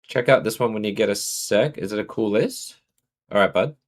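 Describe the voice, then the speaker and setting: A man's voice: lowish voice, normal speed. A man with an Australian accent chatting casually on a live stream, greeting and answering his viewers.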